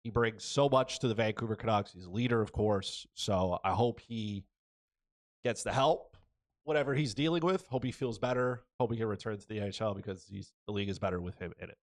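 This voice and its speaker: A man's voice: fairly low pitch, fairly quick. A man hosting a podcast, giving blunt, opinionated sports commentary and often tagging his points with "right?" or "okay?". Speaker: podcast host.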